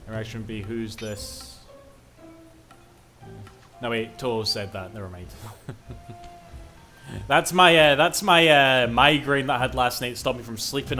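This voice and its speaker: A man with a Scottish accent chats through a game stream in a loose, rambling way, swearing often. His voice is bright and forceful, at an ordinary pitch for a man. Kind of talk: casual gaming commentary.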